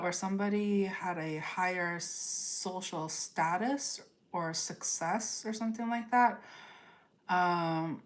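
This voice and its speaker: A woman reads tarot on a live stream in a slow, unhurried way, her voice sitting a little low for a woman. She speaks straight to her viewers, often says things twice and closes her points with a quick "okay?". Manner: addresses viewers directly, repeats phrases, ends points with "okay?". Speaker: tarot reader.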